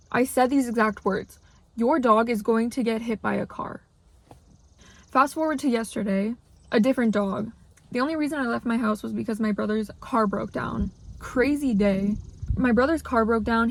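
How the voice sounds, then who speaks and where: A woman's voice: a little high, dry recording. A young woman from Canada telling a personal story to camera, upset and rambling, with many fillers. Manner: upset, rambling, heavy use of "like". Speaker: vlogger.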